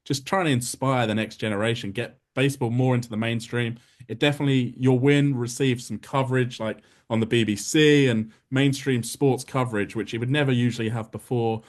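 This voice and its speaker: A man's voice: medium pitch, steady tone, fairly quick, hardly any pauses. Man hosting a casual interview. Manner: attentive, gives short backchannel replies. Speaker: podcast host.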